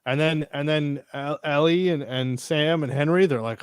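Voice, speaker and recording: A man co-hosting a casual review podcast, talking in a middle-pitched voice and cursing freely as he retells scenes. He gets excited and acts out the characters' reactions. The sound is dry and close, with no room echo. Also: normal speed, few pauses. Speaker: podcast co-host. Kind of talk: casual chat reviewing a TV episode.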